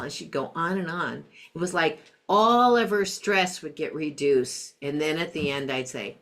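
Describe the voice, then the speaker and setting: Middle-aged woman, parenting expert guest, soft-spoken, conversational. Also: low voice, expressive, normal speed, hardly any pauses. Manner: gentle, acts out soft empathetic phrases. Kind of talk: interview conversation.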